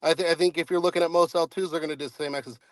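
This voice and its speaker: A man's voice: fairly high pitch, steady tone, very fast, no room sound. A man on a crypto panel arguing his point, with stammering restarts in a heated debate.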